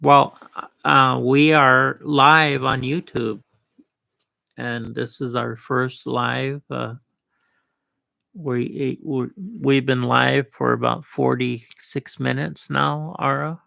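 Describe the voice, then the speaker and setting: A man with a deeply gravelly, creaky voice hosts a live stream, talking in a slow, meandering way. His tone is bright and forward, and the sound is close and dry. He stumbles and restarts often but asserts himself with easy confidence. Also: level tone, no echo. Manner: rambling, with self-assured asides and many restarts. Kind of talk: casual live-stream chat.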